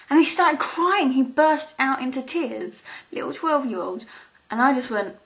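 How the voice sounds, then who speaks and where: Rambling, giggly young woman, fairly high. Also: animated, moderate pace, a bit bright. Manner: rambling and giggly, many ums and restarts. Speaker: vlogger. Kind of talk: casual chat to camera.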